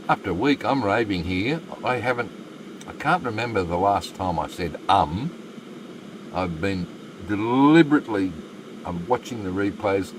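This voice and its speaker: A man's voice: lowish voice, background noise. A man with an Australian accent chatting casually while live-streaming a game, rambling and self-deprecating.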